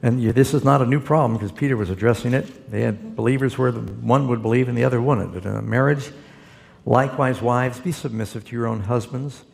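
A man's voice: medium pitch, a little fast, gravelly, big-room sound. A man, a pastor, answering Bible questions in a folksy, storytelling way. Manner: folksy storytelling, quotes scripture. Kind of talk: conversational Bible Q&A.

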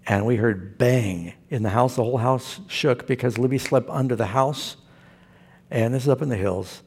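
A male pastor delivers a storytelling sermon in a gravelly, slightly husky voice. His talk is folksy, and he slips into quoted characters as he goes. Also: medium pitch, moderate pace, darkish tone.

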